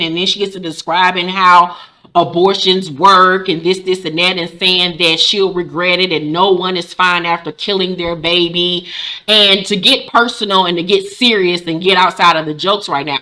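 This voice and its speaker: A woman in her forties recapping a TV episode casually, animated and profane, acting out the characters' lines. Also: on the low side, normal speed. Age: 40s. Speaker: recap host.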